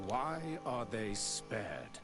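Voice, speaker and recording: Slow, pompous game bishop. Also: male voice, on the low side, huge pitch swings, heavily acted. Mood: sanctimonious. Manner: stately, sanctimonious, measured. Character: proud zealous male bishop, suspicious of heretics. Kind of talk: video game dialogue. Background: game music.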